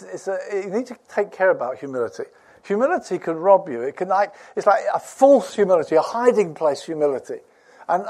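A high-pitched man preaching a sermon. He swings from hushed, intimate asides to loud, punchy emphasis. He laughs often as he tells his stories. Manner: animated, dropping to near-whispers and rising to loud emphasis, laughs while preaching.

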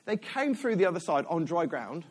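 A man's voice: on the high side, very animated, normal speed, slightly rough. A man, a church elder, giving a chatty, self-deprecating sermon in a church.

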